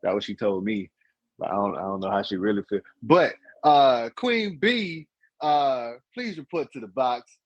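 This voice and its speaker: A man hosting a live-stream talk show, chatting casually and joking with his co-host and the chat in a husky, laid-back voice. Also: medium pitch, lively intonation, normal speed, dry recording, lo-fi sound.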